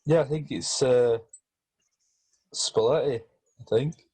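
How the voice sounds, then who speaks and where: A man's voice: medium pitch, slow pace, dark tone, slightly rough. A man co-hosting a casual football podcast, hesitant with many fillers and restarts. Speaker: podcast host.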